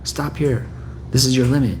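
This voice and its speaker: A preacher voicing a discouraging male devil who urges the listener to stop, in a higher, partly whispered tone. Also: fairly even intonation, moderate pace, darkish tone, a little hiss or hum, close to an everyday voice.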